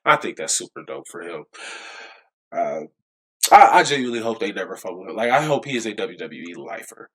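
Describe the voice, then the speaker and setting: A young man reviewing wrestling shows in a casual, animated, playful and self-mocking way. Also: fairly quick. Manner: animated, playful, self-mocking, jumps to a high excited pitch. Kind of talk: casual chat.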